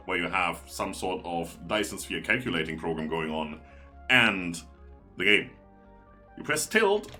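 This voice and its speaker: Man, game streamer, talkative, explains as he goes, animated voice, soft music underneath. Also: lowish voice. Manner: chatty, explains as he plays. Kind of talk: live game commentary.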